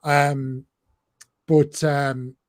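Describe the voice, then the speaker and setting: A man hosting a livestream, chatting casually in a relaxed, rambling way. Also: mid-range voice, very slow, no echo. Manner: relaxed, rambling, with fillers and laughs. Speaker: livestream host. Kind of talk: casual chat.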